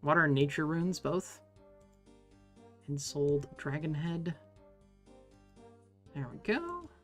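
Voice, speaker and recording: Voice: medium pitch, sing-song, slow pace, a bit bright. Streamer, thirties, rambling casual chat, swears, laughs a lot, faint music behind. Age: 30s. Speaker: streamer playing an online game. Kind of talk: casual chat while gaming.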